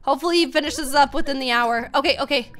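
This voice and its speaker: High-pitched woman doing chatty let's-play commentary, talking right to her viewers. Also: fast talker, a bit bright, faint music behind. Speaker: gaming channel host.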